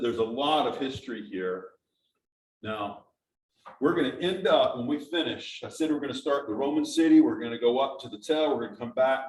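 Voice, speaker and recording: A man's voice: medium pitch, darkish tone. Man explaining slides in an echoey church. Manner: conversational, explanatory, asks the audience questions. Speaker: church speaker. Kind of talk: informal slideshow talk. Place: church sanctuary. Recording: echoey hall from a distance.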